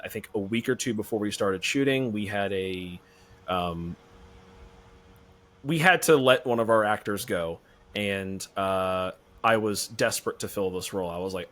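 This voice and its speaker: Low-voiced man telling a rambling story. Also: fairly bright tone. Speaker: filmmaker guest. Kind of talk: casual podcast interview.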